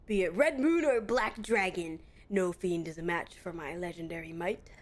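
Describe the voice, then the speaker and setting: A woman's voice: on the low side, moderate pace, pitched below the performer's own voice, close to an everyday voice. A woman voicing a pompous, grandiose male inspector from a video game, declaiming theatrically about his own brilliance. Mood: boastful. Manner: theatrical, self-aggrandizing declamation.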